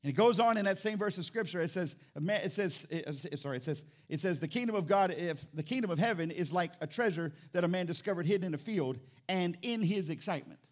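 A male pastor preaching an animated sermon in church, calling out to the congregation and acting out little scenes. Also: high voice, quick pace, hardly any pauses. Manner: animated, acts out quotes, calls out to congregation.

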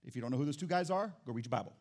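A male pastor preaching an animated sermon in church, calling out to the congregation and acting out little scenes. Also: mid-range voice, racing. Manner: animated, acts out quotes, calls out to congregation.

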